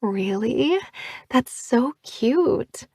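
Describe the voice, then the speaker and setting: A woman's voice: on the high side, expressive, very slow, gravelly, a little mellow, breathy edge, no room sound, studio quality, pitched above the performer's own voice, heavily acted. Woman voicing a sweet young woman. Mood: charmed.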